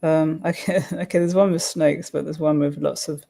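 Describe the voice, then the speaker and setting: A woman in casual chat as co-host, giving short answers and laughing quickly. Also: deep voice, fairly even intonation, gravelly, warm tone.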